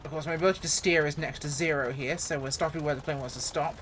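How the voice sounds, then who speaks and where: A woman with a deep, low voice talks through her flight sim session at home in a loose, chatty way. She jokes and pokes fun at her own mistakes as she goes. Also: steady tone, fast, a little hiss or hum. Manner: chatty, joking, self-mocking. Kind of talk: casual gameplay commentary.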